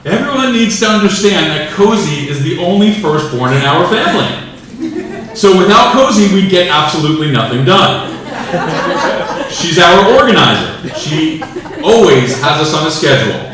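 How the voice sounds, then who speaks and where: A man's voice: fairly high pitch, big pitch swings, normal speed. A man in his forties, a father giving a playful, joking speech to his daughter in a large banquet room. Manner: joking, playful, getting emotional. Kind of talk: prepared family speech. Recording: echoey hall from far off, crowd.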